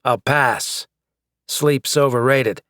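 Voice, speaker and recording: A man's voice: medium pitch, slow, fairly bright tone, dry recording, pitched above the performer's own voice. A man voicing a male gunfighter who trades dry, needling quips under fire, in an audiobook. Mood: wry.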